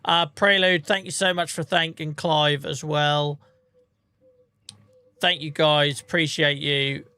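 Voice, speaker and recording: A man chatting on a live gameplay stream, excitable and grateful as he thanks his viewers. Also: fairly high pitch, takes it slowly, clear, resonant tone, no room sound. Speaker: livestreamer. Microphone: streaming microphone.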